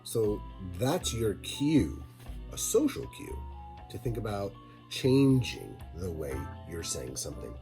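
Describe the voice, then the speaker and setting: A man teaches children in a slow, deliberate narration. His voice sits very low and warm, yet it rises and falls widely as he speaks to the kids directly. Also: very animated, soft background music.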